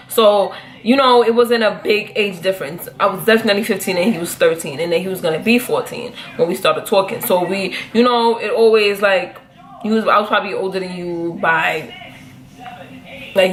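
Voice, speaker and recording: A young woman telling a personal story in a casual, animated, profane way, jumping up in pitch when she quotes herself. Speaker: vlogger.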